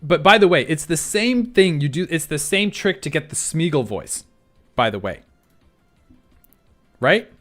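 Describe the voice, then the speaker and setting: A young male streamer chats casually with his viewers and pokes fun at himself. His pitch moves around a lot as he rambles through restarted sentences. Faint music plays underneath. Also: big pitch swings, measured pace, long pauses, a bit bright. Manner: self-deprecating, rambling restarts. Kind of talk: casual livestream chat.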